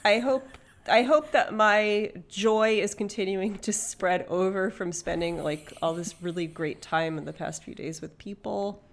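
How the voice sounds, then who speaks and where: A woman's voice: medium pitch, unhurried, hardly any pauses. A young woman co-hosting a casual chat, playful and teasing, who giggles between her words. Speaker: podcast co-host.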